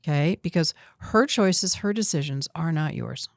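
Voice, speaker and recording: Host-coach, female, lower register, direct and teasing delivery. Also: animated, moderate pace, no room sound, clean studio sound. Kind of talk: coaching conversation.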